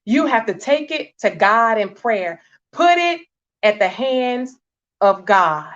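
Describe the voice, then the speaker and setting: A woman's voice: a little high, sing-song, slow pace, fairly bright tone, lo-fi sound. A woman marriage coach giving a faith-based talk to wives, earnest and exhorting, often repeating phrases for emphasis.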